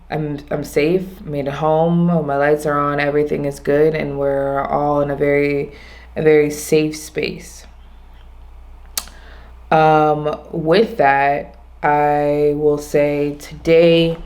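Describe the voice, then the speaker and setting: Woman, low voice, casual reflective vlog, rambling with restarts, slows down to stress points. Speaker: vlogger.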